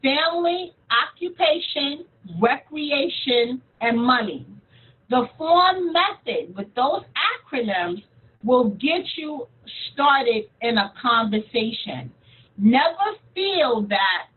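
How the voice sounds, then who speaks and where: A high-voiced woman coaches her listeners on reaching out to old contacts. She swoops through her range as she acts out excited phone calls. The sound is thin and tinny, like a phone line. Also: slow pace. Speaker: network marketing trainer. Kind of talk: coaching talk on phone outreach.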